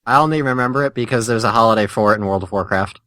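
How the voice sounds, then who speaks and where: A man's voice: lowish voice, racing, pushed and bright, dry recording. A man co-hosting a podcast, chatting casually and making joking, sarcastic asides. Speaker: podcast co-host. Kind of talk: casual gaming chat.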